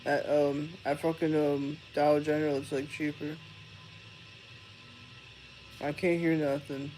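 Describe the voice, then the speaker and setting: A man's voice: on the high side, flat delivery, measured pace, a little mellow, soft background music, low-quality recording. A young man live-streaming, chatting casually, swearing and laughing as he rambles.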